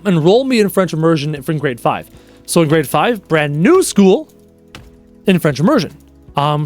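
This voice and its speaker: Young male streamer from Canada, high voice, rambling casual chat over faint game music. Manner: rambling, chatty, jokes and bursts into quoted bits.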